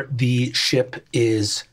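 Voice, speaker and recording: A man's voice: medium pitch, fairly bright tone, slight background noise. Casual man narrating a tabletop game. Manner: loose and casual, many fillers. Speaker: game master.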